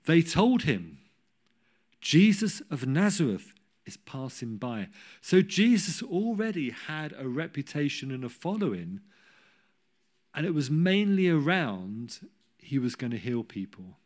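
Slow, animated male preacher. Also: mid-range voice. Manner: animated, rising to loud cries when quoting, humorous asides. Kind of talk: sermon.

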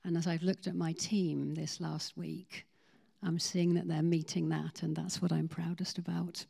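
A woman leads a sermon from the front of a church, telling stories of the people she met and playing out their words. Her voice sits low and carries a gravelly edge. The tone is mellow and warm rather than bright. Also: normal speed. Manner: animated storytelling, acting out quoted voices. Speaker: ministry team leader. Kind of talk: sermon testimony.

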